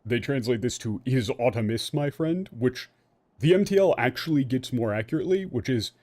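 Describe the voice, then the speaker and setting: A man's voice: medium pitch, animated, fairly quick, warm tone, no echo. A man streaming a game and explaining its story in casual, rambling commentary, full of fillers and restarts and the odd swear word. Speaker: streamer playing and translating a game.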